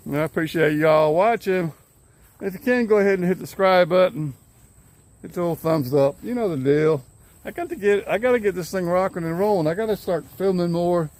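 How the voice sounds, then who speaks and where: A man's voice: high voice, fairly quick, a little mellow. An older man, vlogging casually to his phone camera outdoors in his yard. He rambles in an easygoing way and chuckles often. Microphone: handheld phone camera.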